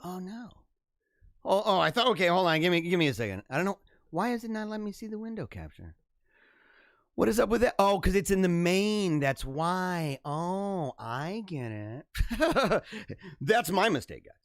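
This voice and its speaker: Fervent high-voiced man preaching to his stream. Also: big pitch swings, normal speed, dry recording, clean studio sound. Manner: fervent, emphatic, repetitive. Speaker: livestream host. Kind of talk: preachy motivational livestream talk. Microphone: camera mic.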